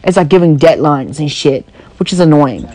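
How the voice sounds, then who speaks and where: A woman's voice: deep voice, animated, normal speed, dark tone, dry recording, low-quality recording. A woman hosting a podcast over the phone in a blunt, profane casual rant, packed with "you know" and "like," her voice worn out from talking. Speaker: podcast host.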